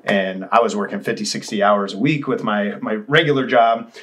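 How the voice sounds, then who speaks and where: A man's voice: fairly low pitch, steady tone, a little fast, a bit bright, a little hiss or hum. A man in his thirties, a musician guest, telling his story candidly in a casual interview, rambling with restarts.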